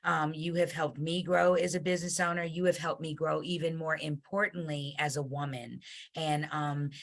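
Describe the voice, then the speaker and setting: Low, gravelly woman hosting with feeling. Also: steady tone, moderate pace. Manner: effusive and emotional, close to tears. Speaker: host and company CEO. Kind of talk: heartfelt interview wrap-up.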